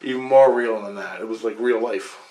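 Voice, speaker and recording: A man with a lowish, mellow voice talks fairly quickly over slight background noise. As a vlogger, he shares a past-life recall in casual first-person fashion, emphatic, profane and prone to restarts. His computer webcam picks up a roomy echo.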